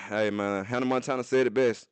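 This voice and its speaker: A young man streaming from his phone, telling a profane story to his chat in an animated way, with sudden jumps into high voices. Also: normal speed, smooth, dry recording.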